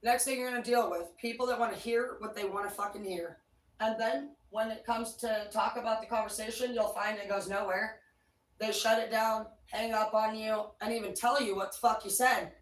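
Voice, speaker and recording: A woman's voice: a little high, steady tone, moderate pace, far from the mic. A woman giving a casual tarot reading, blunt and rambling, swearing freely. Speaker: tarot reader. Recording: echoey room, voice away from mic.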